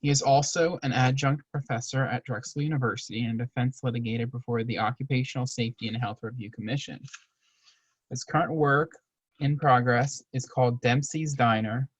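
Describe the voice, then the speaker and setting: A man hosting a writers' open mic, briskly reading an introduction of the next author from notes. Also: medium pitch, fairly even intonation, slightly rough, no echo, low-quality recording. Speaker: event host introducing a reader.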